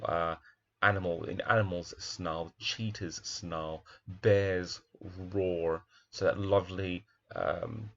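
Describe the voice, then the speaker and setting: Gravelly deep-voiced man teaching a book. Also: dull audio. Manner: reflective, talks with many fillers and restarts. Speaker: primary teacher analysing a picture book. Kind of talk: teaching commentary on a children's book.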